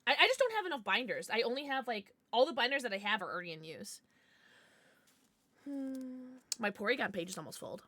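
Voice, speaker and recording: A woman streamer chatting casually on a livestream, bubbly and excitable, swearing now and then. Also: on the high side, a little fast, no room sound.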